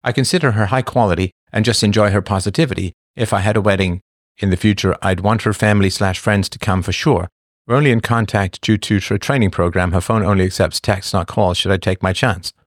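A man's voice: fairly low pitch, fairly even intonation, fairly quick, no room sound, clean studio sound. A middle-aged man hosting a casual livestream, chatting, laughing and giving blunt advice to viewers. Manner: chatty and blunt, laughs often, drifts off topic. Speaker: livestream host answering viewer questions. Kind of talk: casual chat.

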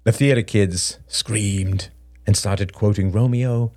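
Measured male audiobook narrator, dry close sound. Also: on the low side, dry recording. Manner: measured, even storytelling. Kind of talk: scripted narration.

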